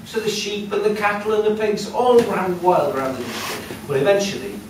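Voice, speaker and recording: Brief: animated male folk storyteller, higher voice, recorded from afar in a noisy, echoey cafe. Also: fairly quick, distant mic. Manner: lively, conversational, with asides to the audience. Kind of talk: live folk-tale telling. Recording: echoey room heard from afar with noise.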